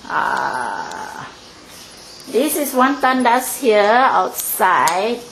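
Slow, chatty Malaysian woman filming home. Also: mid-range voice, very animated, gravelly, fairly bright tone, slight background noise. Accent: Malaysian English. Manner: chatty, mixing English and Malay, laughs at herself. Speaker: vlogger giving a home tour. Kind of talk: casual home video tour. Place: small apartment indoors. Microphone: handheld camera mic. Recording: echoey room on camera mic.

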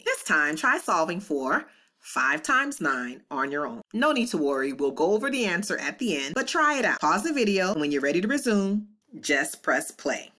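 A woman's voice: deep voice, sharp tone, husky. A woman teacher giving a children's math lesson, counting in a sing-song way and encouraging her young viewers.

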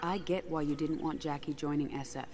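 A woman's voice: sits low, fairly even intonation, brisk, a crowd in the background. An actress voicing a tough, stern female military commander in a fighting game cutscene. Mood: grim.

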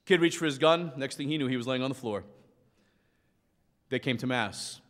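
A priest preaching with passion and telling a dramatic story, acting out its voices. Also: male voice, mid-range voice, moderate pace. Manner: impassioned storyteller who acts out the shouting in his story. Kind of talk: preaching a rally speech with a story. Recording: long hall reverb.

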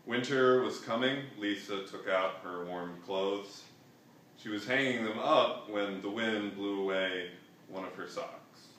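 A young man, a student, reading a picture book aloud in a flat, halting way with stumbles, in a classroom, picked up by a camera across the room. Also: lowish voice, slight background noise. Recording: echoey room, mic far off.

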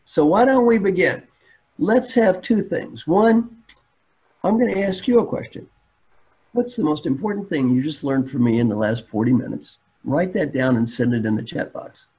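A man's voice: fairly high pitch, lively intonation, moderate pace, dark tone, husky. An older man speaking as a coach in a webinar, telling stories in a plain, repetitive way. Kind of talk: webinar talk. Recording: dull webinar audio.

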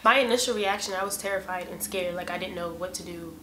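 A woman in her twenties telling a personal story in a casual storytime vlog, acting out texts and replies with lively emphasis. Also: on the low side, fast talker, roomy sound, noisy background. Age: 20s. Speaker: vlogger. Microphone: camera mic.

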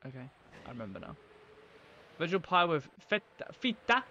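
A man's voice: mid-range voice, sing-song, fairly quick, pushed and bright, muffled recording, slight background noise. A man live-streaming a game, chatting in a rambling, casual way to his viewers as he plays. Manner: rambling, chatty, talks to viewers while playing.

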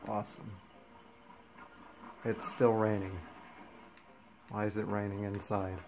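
A gameplay commentator gives goofy, joking let's-play commentary over game music, talking to the characters on screen. His voice is fairly low, level in tone, and slow, and the recording is rough.

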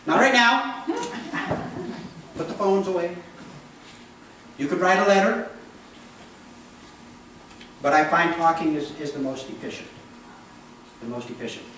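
Male pastor, conversational sermon, checks in with questions; slightly high voice, distant mic, heavy church echo. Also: unhurried, long pauses, a bit bright, slight background noise. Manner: conversational, asks the congregation questions. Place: church sanctuary.

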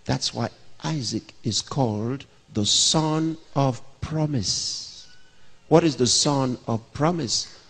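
Husky older pastor preaching slowly. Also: male voice, mid-range voice, fairly bright tone. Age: 60s. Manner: preaching with rhetorical questions and answers. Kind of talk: sermon. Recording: long reverb of a large hall.

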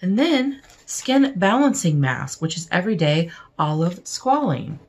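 A woman unboxing beauty products at home, chatting casually and gushing with excitement, now and then dropping to a soft whisper. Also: on the low side, unhurried, husky. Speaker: beauty vlogger unboxing mail.

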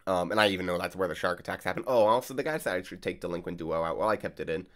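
A man's voice: low voice, rapid-fire. A man hosting a card game channel, chatting casually and rambling with lots of fillers. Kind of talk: casual gameplay vlog and commentary. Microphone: desk mic while recording gameplay.

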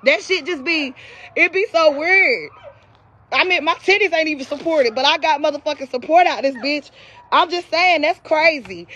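A woman's voice: high-pitched, normal speed, pushed and bright, a little hiss or hum. A woman with a North Carolina accent, ranting to her followers in a profane, defiant live-stream vlog. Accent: Southern US, North Carolina. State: out of breath at times. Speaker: social media vlogger. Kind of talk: unscripted live-stream rant.

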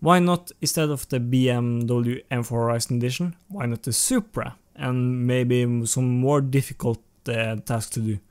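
Halting man commenting on a race game. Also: mid-range voice, darkish tone, clear, resonant tone. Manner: rambling, halting, with frequent restarts and self-talk. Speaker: gaming channel host. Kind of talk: casual racing game commentary. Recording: game music playing over the voice.

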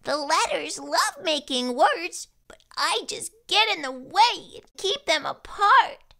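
Woman voicing a timid storybook comma, squeaky high, slow and soft. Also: very animated, gravelly, exaggerated voice. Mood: sad. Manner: soft, small-voiced. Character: timid small male comma, feels left out.

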